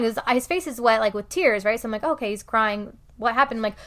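A young woman co-hosting a podcast, telling family stories in a chatty, animated way with acted-out quotes. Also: fairly high pitch, a little fast, few pauses. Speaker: podcast co-host. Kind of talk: casual chat.

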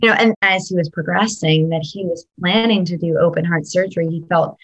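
A woman interviewed as a former investigator. She recounts the case in a measured way, and her voice sits low for a woman. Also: muffled recording.

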